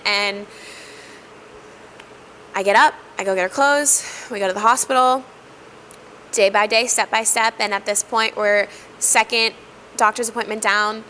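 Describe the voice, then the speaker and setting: Bright-voiced woman telling a heartfelt story. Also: fairly high pitch, fairly even intonation, a little hiss or hum, low-quality recording. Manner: earnest, reflective, with frequent pauses and "um". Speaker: guest sharing personal testimony.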